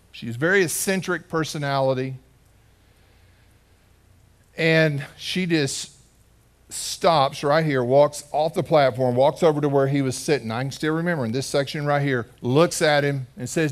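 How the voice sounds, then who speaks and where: A man's voice: a little high, measured pace, long pauses. Conversational male pastor telling a story. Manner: conversational, asks the congregation questions. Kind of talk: storytelling sermon. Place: church sanctuary.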